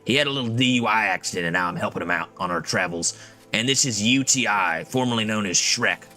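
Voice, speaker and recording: Casual male game streamer, bright and slightly low, joking and rambly, game music behind. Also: fast. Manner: casual, joking, says "dude" and "like". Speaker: gaming video creator. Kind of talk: casual gameplay commentary.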